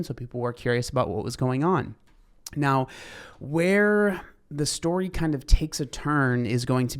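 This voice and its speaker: A young man hosting a casual commentary, talking in a rambling way with many fillers and restarts. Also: medium pitch. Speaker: commentary host.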